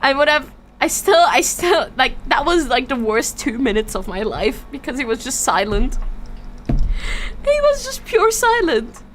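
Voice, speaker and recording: A woman's voice: high-pitched, very animated, measured pace, fairly bright tone, slight background noise. A woman streamer telling a personal story in casual chat, stammering and swearing freely, with faint music behind her.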